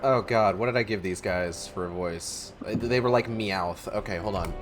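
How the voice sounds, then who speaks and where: A woman's voice: a bass voice, a little slow, over loud music. A woman streamer chatting casually and playfully during a game stream. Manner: joking, playful.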